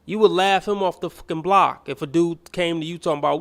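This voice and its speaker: A blunt male commentator with a fairly high voice. He talks down to the clips he plays, scornful and profane. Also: fairly quick, vocal fry. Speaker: host. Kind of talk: reaction commentary.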